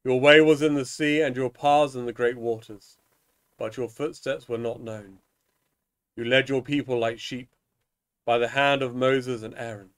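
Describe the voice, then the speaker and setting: Man reading psalms in measured tones. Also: medium pitch, fairly even intonation, smooth. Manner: measured, solemn reading with small stumbles. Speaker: minister leading evening prayer. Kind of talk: liturgical reading of psalms and scripture.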